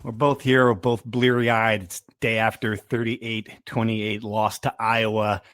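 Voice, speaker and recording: A man's voice: fairly low pitch, level tone, unhurried, fairly bright tone, dry recording, studio quality. A man hosting a sports podcast, chatting casually and telling rambling stories with many restarts. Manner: rambling, self-interrupting storyteller. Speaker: podcast host.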